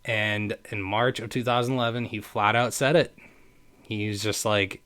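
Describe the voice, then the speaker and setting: Smooth-voiced man telling a personal story. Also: lowish voice, fairly even intonation, moderate pace, fairly bright tone. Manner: earnest, rambling, addresses listeners directly. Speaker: podcast host.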